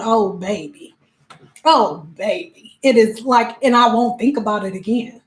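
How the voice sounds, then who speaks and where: A woman hosting a casual livestream as a spiritual coach, telling animated stories full of slang and acted-out quotes. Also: mid-range voice. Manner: emphatic repetitions.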